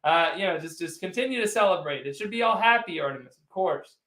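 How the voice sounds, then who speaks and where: A man's voice: high-pitched, lively intonation, fast, fairly bright tone. A man hosting a casual postgame livestream, rambling and teasing as he answers viewers' chats directly. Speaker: sports livestream host. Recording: echoey room.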